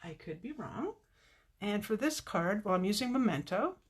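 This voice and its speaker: A woman's voice: mid-range voice, sing-song, normal speed, husky. A woman hosting a casual live card-making tutorial, chatting to viewers by name and laughing often.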